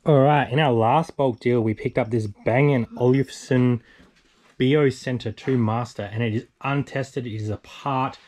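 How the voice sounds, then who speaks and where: A man's voice: medium pitch, fairly even intonation, a little slow, a little mellow. Australian man running through his sales. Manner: chatty, matter-of-fact listing of sales. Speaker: eBay reseller co-host. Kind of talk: casual vlog walkthrough.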